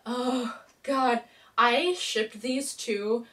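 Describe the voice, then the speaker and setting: A woman's voice: on the high side, fairly even intonation, drawn-out words, fairly bright tone, far from the mic. A woman giving a casual TV episode recap, bubbly, rambling and poking fun at herself. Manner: bubbly, rambling and self-mocking.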